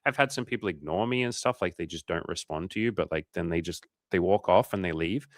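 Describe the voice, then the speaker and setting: A man's voice: low voice, fairly quick, dry recording, clean studio sound. A young man casually chatting on a livestream as a coach, reading out comments, swearing freely and saying "like" a lot.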